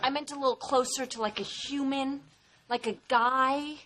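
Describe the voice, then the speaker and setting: A woman's voice: high voice, fairly even intonation, normal speed, a bit bright, slight background noise. A woman playing a sitcom wife, talking in an exasperated, scheming way. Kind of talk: sitcom acting.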